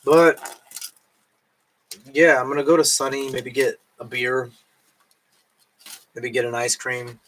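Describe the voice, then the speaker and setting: A man's voice: mid-range voice, fairly even intonation, slow, pauses often, a bit bright, low-quality recording. A drunk man rambling casually on a late-night live stream at home, swearing and chewing food as he talks.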